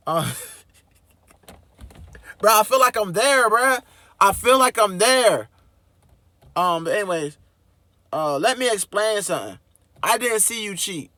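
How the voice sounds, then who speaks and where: Animated slangy man reading aloud. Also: sits high, takes it slowly, long pauses, no room sound. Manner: animated, slangy, swears freely. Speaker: host. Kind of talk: reading a book aloud with commentary.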